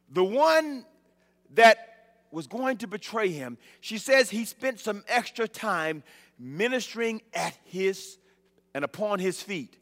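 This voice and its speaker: A man preaching a sermon, telling the story dramatically and building up to shouted points. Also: sits high. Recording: long reverb of a large hall.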